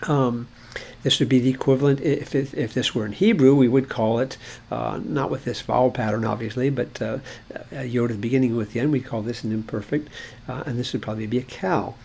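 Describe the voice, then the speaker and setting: Male teacher, mid pitch, gravelly; casual lesson delivery, thinks aloud with frequent fillers. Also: fairly even intonation, fairly quick, darkish tone, a little hiss or hum. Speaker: Hebrew teacher.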